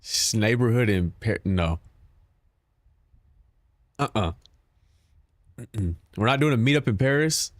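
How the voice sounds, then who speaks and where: A man's voice: lowish voice, lively intonation, slow pace, pauses often, no room sound, clean studio sound. A man streaming a game, chatting casually and profanely with his viewers, joking and talking back to chat.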